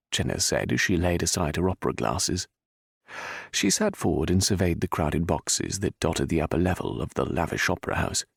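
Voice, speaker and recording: A man narrating a romance audiobook in an expressive, scripted style. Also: sits low, moderate pace, gravelly, breathy edge, no echo, clean studio sound.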